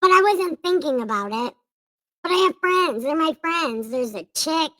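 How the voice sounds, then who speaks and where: A woman's voice: high voice, lively intonation, normal speed, fairly bright tone, dry recording, voice pushed up. A woman voicing a young man who pleads with his father in a casual, slangy, giggly way. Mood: pleading.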